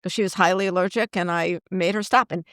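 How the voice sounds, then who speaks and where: A woman's voice: lowish voice, quick pace, fairly bright tone, no echo, clean studio sound. A woman hosting a casual chat, telling anecdotes and asking questions. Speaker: host.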